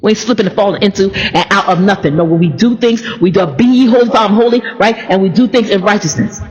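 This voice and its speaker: A woman preaching an informal sermon in a lively, conversational way, often repeating words in long chanting runs. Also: mid-range voice, fast talker, highs cut off. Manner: animated, conversational preaching with asides. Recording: long hall reverb.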